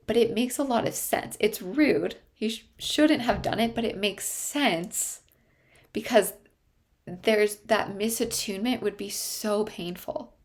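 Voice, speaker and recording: A woman's voice: mid-range voice, a little slow, gravelly. A woman therapist explaining a TV series in a thoughtful way, often stopping to search for her words.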